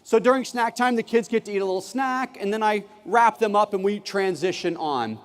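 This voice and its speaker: A man giving a conference keynote, telling a classroom story in an animated way and acting out the dialogue himself. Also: high-pitched, a little fast. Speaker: keynote speaker, former teacher. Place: large conference hall. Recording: long hall reverb.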